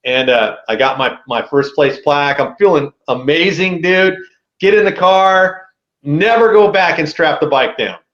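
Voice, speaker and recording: A man as a podcast guest telling a story in a casual, animated way, with a lot of slang. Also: a little high, measured pace, echoey room, lo-fi sound.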